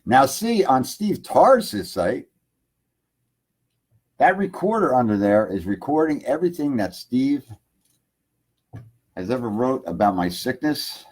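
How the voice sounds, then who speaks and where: A man's voice: mid-range voice, sing-song, unhurried, long pauses, darkish tone, slightly rough. A man hosting an internet radio livestream, rambling loosely in casual chat from his home computer setup and filling lines with "man".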